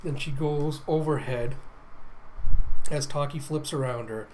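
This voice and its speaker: A man hosting a casual comic readthrough, excitable and enthusiastic, laughing often. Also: a little high, unhurried, a little hiss or hum, poor audio. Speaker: host.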